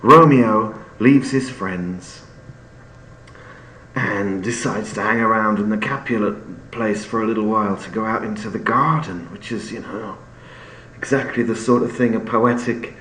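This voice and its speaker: A man explaining a play in an unhurried storytelling manner, sometimes restarting with fillers as he searches for words. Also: fairly low pitch, a bit bright, a little hiss or hum. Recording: echoey room with faint ambience.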